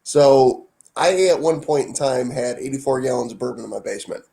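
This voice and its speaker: A man's voice: mid-range voice, a little fast, vocal fry, warm tone. A man co-hosts a casual podcast in an ordinary mid-range voice. He speaks plainly and bluntly, and he swears now and then. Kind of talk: casual chat.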